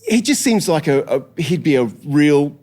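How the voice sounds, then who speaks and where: A man hosting a podcast, speaking in a relaxed, halting but enthusiastic way. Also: a little high. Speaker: podcast host. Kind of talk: casual chat.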